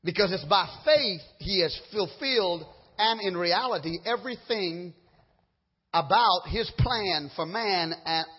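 A man preaching a sermon with fervor, swinging from low murmurs to loud high cries and stumbling over his words as he restarts. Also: husky. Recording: dull sound with long hall reverb.

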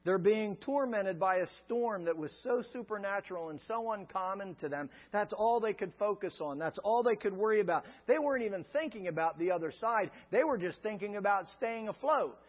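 A man with a high voice preaches a sermon, stacking phrase on phrase in an emphatic, repetitive cadence. The sound is dull and lo-fi, with a long reverb trailing each line as if from a large church hall. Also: animated, brisk, few pauses. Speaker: pastor.

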